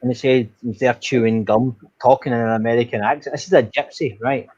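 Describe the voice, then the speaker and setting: A man's voice: mid-range voice, steady tone, quick pace, a little mellow, no room sound. An Irish man rambling through a story in casual chat, swearing freely. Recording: dull lo-fi sound.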